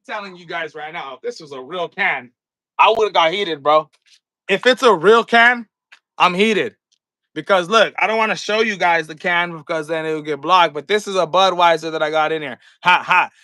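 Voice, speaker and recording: High, bright-voiced man ranting casually. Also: moderate pace, no echo. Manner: slangy, profane, talks straight to viewers; acts out scenes with props while talking. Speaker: vlogger. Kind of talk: casual commentary rant.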